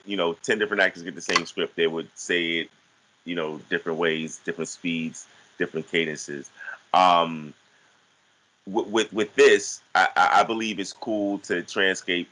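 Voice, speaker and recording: A man with a very low, deep voice that still carries a bright, forceful edge. He explains teaching ideas in a relaxed, conversational way, often stumbling over restarts and repeating words before finding his point. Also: poor audio. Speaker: guest teaching artist. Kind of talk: casual conversational teaching talk.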